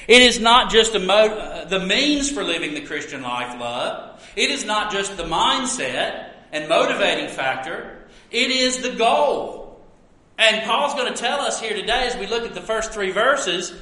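A middle-aged man preaching a sermon as pastor, earnest, shifting between loud emphasis and quiet asides. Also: high voice, reverberant, rough recording.

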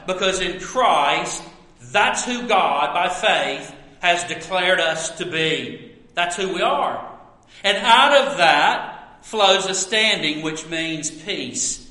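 A pastor preaching a sermon, with earnest, emphatic delivery and drawn-out stresses, in a church sanctuary. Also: male voice, sits high, expressive, pushed and bright. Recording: echoey room.

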